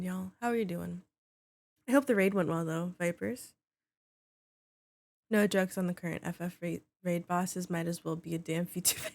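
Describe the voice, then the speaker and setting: A woman's voice: lowish voice, gravelly, darkish tone. A woman game streamer chatting casually with her viewers, bubbly, greeting them by name and swearing offhandedly.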